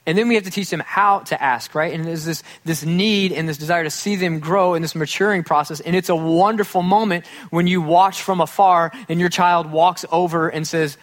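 A male pastor with a fairly high voice gives a chatty, conversational sermon. He often acts out the voices of the people he quotes, and he slips in self-deprecating jokes. His delivery stays relaxed and easy. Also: brisk, hardly any pauses.

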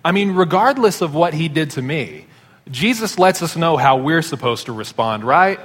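A pastor preaching a sermon, telling stories in a conversational way. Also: male voice, fairly high pitch, animated, moderate pace, fairly bright tone, slightly rough. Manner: conversational storytelling. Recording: long hall reverb.

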